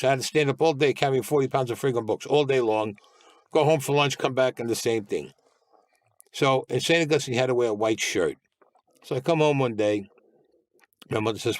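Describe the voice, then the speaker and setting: A man's voice: medium pitch, a little fast, no room sound. Blunt older New man telling stories. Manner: blunt, streetwise storytelling with profanity. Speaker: interview guest. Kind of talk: casual storytelling.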